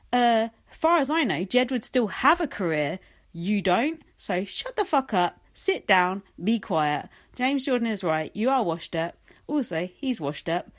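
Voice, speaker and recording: A woman rants through a reality show recap with sarcasm and plenty of swearing. Her pitch swings up and down a lot as she gets worked up. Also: lively intonation, moderate pace. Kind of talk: ranting casual commentary.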